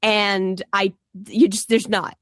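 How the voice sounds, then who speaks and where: A woman's voice: medium pitch, flat delivery, slow, fairly bright tone, no room sound, studio quality. Laughing, chatty Canadian woman. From Toronto area, Canada. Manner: chatty, laughs often, digressive. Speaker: podcast co-host. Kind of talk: casual chat.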